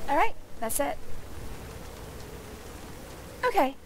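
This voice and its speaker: A woman streamer with a gravelly, phlegmy voice, chatting casually and explaining as she plays a game. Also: high-pitched, slow pace. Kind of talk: casual let's-play commentary. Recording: clear steady background noise.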